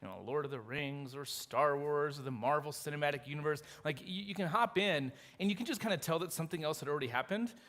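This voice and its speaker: A fairly high-voiced man preaches to his church, telling the story with animated energy and little acted lines. His voice rings out with a long hall reverb around it. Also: fast talker, few pauses. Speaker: pastor. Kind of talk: sermon. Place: church sanctuary.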